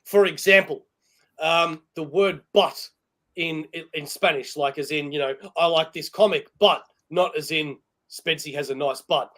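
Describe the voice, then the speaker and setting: A man co-hosting a casual podcast chat, telling an animated story and laughing often. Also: fairly high pitch, a little slow. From Australia. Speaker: podcast co-host.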